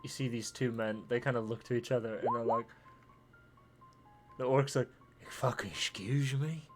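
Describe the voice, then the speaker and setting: A man's voice: mid-range voice, flat delivery, normal speed, soft background music. A man narrating a tabletop game as dungeon master, with many fillers and restarts. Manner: filler-heavy, laughing narration.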